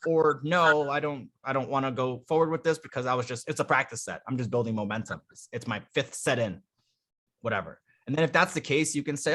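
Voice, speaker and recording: Blunt, profane man coaching with a bright voice. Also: medium pitch. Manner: blunt, profane, animated storytelling. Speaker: dating coach. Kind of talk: live coaching session.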